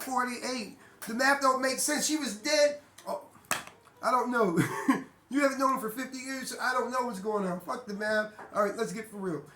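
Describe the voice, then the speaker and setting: A man's voice: high-pitched, a bit bright. A man giving a casual motivational monologue, talking bluntly and emphatically, swearing freely and repeating himself. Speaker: vlogger. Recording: echoey room.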